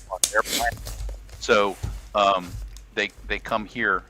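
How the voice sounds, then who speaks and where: A man's voice: on the low side, steady tone, slow pace, pauses often, pushed and bright, a little hiss or hum, low-quality recording. A man co-hosting a podcast in casual chat, rambling and joking with lots of fillers and restarts. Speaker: podcast co-host.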